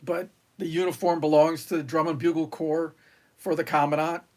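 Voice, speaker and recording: A man's voice: fairly high pitch, flat delivery, normal speed, a little mellow. Chatty retired Marine man, restless storyteller. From New York. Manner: rambling, many restarts and fillers, acts out quotes. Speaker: podcast guest, retired Marine. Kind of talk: casual interview storytelling.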